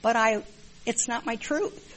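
A woman's voice: a little high, a little slow, slight background noise, poor audio. An older woman from the American Midwest gives a candid, wry personal testimony at a support group meeting, with many filler words. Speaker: support group member sharing.

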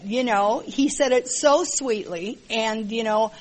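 A woman's voice: fairly high pitch, slow, low-quality recording. An older woman from the American Midwest gives a candid, wry personal testimony at a support group meeting, with many filler words. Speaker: support group member sharing.

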